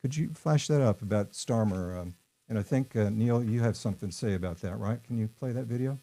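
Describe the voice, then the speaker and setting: Mellow-voiced American man hosting a podcast. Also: on the low side, fairly quick. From New York, USA. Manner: rambling and opinionated, many ums and uhs. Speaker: podcast host. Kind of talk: casual political podcast talk.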